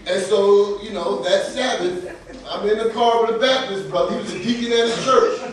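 A man's voice: high-pitched, normal speed, a little hiss or hum. A male pastor preaching a sermon, telling a personal story with laughter and acting out the dialogue. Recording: echoey room, voice from far off the mic.

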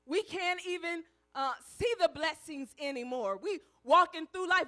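A woman preaching a sermon, building to shouted climaxes and then dropping soft to tell stories. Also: very high-pitched, a little slow.

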